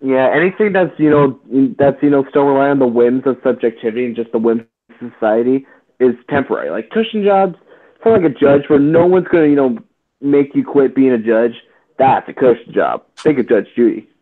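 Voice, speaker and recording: A man's voice: medium pitch, expressive, a little fast. Man, remote podcast co-host, tinny phone-like sound, defensive casual tone. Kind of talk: casual chat. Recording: tinny phone-like call line.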